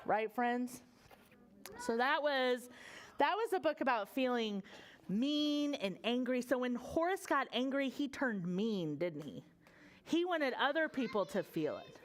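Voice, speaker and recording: A young woman, a children's librarian, reading a picture book aloud to preschoolers in an animated sing-song voice and asking them questions. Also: on the high side, slight background noise.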